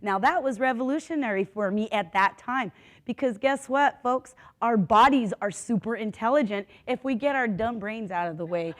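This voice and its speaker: A woman's voice: fairly high pitch, normal speed. Candid woman telling her story. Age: older. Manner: vivid, candid, laughing as she tells it; acts out quoted voices with big swings of loudness. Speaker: panelist. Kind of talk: personal storytelling on a conference panel.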